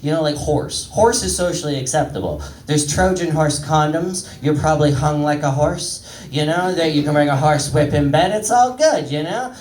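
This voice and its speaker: A man's voice: fairly high pitch, moderate pace, few pauses, darkish tone, slight background noise. A man in his thirties doing a stand-up set, rambling and crude, mocking himself as he talks to the crowd. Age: 30s. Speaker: stand-up comedian. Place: comedy club stage. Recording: echoey room, voice from far off.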